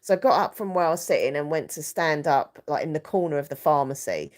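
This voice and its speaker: Emotional woman, lowish voice. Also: expressive, fast talker, a little mellow. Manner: rambling, emotional, confiding, with many fillers. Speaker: live stream host. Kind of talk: confiding live-stream chat.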